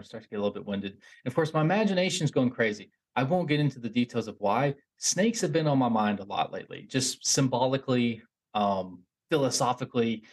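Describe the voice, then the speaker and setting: A young man with a slightly husky, mid-pitched voice tells a story on his podcast. He rambles and restarts a lot, gets animated, and pokes fun at himself. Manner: animated, rambling, self-mocking, with frequent restarts. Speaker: podcast host. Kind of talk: casual storytelling monologue.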